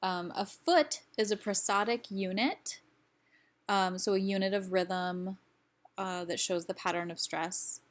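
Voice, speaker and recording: A woman teaching a recorded lesson, explaining slowly and carefully with some fillers. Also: mid-range voice. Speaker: language teacher.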